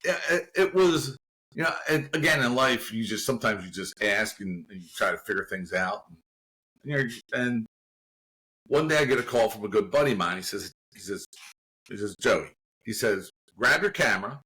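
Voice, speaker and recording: A man from the Baltimore area, a guest actor, telling an animated anecdote in casual conversation with bursts of laughter. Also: on the low side, normal speed, poor audio. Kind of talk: casual storytelling.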